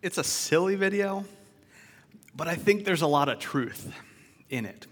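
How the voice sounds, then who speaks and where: A man's voice: fairly high pitch, animated, a little slow, a bit bright. A man preaching a sermon as pastor, talking in a conversational, reflective way with restarts and asides. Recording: long reverb of a large church hall.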